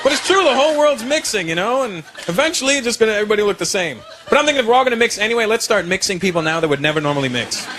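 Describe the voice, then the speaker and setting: Canadian stand-up guy, high lively voice, crowd laughing loud. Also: racing, few pauses, noisy background. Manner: animated, conversational, punchline-driven. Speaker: comedian. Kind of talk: stand-up comedy. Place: comedy stage.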